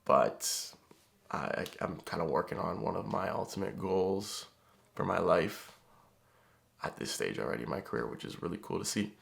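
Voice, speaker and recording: A man's voice: low voice, moderate pace, vocal fry. A young man talking casually to the camera in a rambling vlog, with lots of fillers. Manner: relaxed, rambling, frequent fillers.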